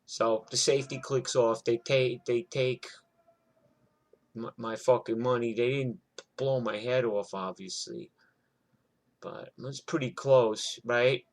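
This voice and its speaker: A man's voice: mid-range voice, fairly even intonation, takes it slowly. A middle-aged man telling a story from his past in a rambling, profane way, full of fillers and asides. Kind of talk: casual spoken storytelling.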